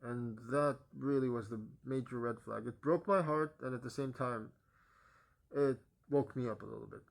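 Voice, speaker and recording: Recounting his own experience on a vlog, a young man speaks haltingly with many pauses and fillers, trailing into a low, soft voice at phrase ends. His voice is creaky.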